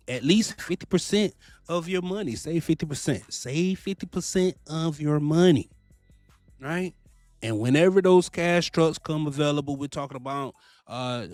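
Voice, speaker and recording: Animated trucker man, dry close sound. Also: on the high side, no room sound. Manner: animated, repetitive, preachy, swears freely. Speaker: trucking vlogger, lease purchase owner-operator. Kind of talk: casual advice vlog.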